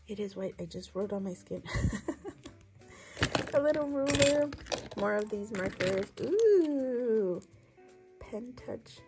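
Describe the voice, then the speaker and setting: A woman with a hoarse voice from a lingering cough, gushing chattily over her thrift haul in a casual vlog. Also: fairly high pitch, poor audio. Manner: gushing, chatty, lots of "so pretty".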